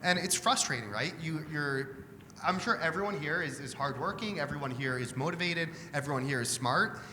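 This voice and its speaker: Bright-voiced man talking in a hall. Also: on the high side, expressive, moderate pace. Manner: candid, conversational, repeats words when restarting. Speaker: trading speaker answering audience questions. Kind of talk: live Q&A talk. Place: event hall. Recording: hall reverb with faint room noise.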